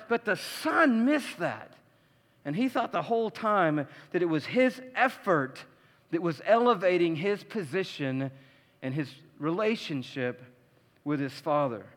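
Male preacher, high pitch, dynamic delivery, reverberant hall. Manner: dynamic, swings from hushed to loud emphatic; acts out quoted voices. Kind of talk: sermon.

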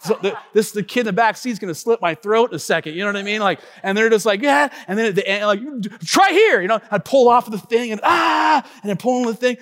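Pastor in his thirties, storytelling sermon, lively and high voice, church hall echo. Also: fast talker, few pauses. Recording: long hall reverb.

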